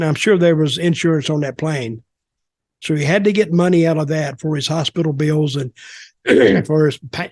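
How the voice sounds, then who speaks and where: A man's voice: fairly high pitch, no echo, clean studio sound. An older man, telling rambling stories as a podcast host. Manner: rambling, repeats words as he talks. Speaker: podcast host, former wrestler. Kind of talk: casual storytelling.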